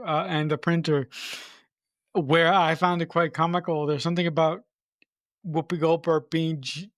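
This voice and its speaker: Enthusiastic, swearing podcast co-host. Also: male voice, fairly high pitch, dry recording, clean studio sound. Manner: enthusiastic, swears for emphasis, restarts phrases. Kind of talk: casual film discussion.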